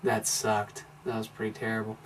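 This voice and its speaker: A man's voice: on the low side, monotone, normal speed, a little hiss or hum. A young man chatting with his housemates in a plain, matter-of-fact way about what he disliked. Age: young adult. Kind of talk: casual chat. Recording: distant mic.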